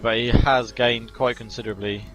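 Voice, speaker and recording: A man's voice: mid-range voice, moderate pace, a little hiss or hum, low-quality recording. Chatty male sim racing commentator. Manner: chatty, analytical, excited on incidents. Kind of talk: live esports race commentary.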